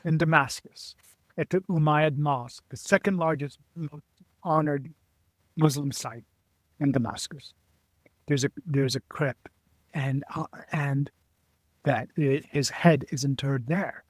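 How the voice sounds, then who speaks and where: A middle-aged man, a guest on an interview show, telling stories in a lively way, acting out other people's voices and often restarting his sentences. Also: on the high side, no echo. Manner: animated storyteller who acts out quoted voices, halting restarts. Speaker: guest, adventurer and author. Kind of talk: casual storytelling interview.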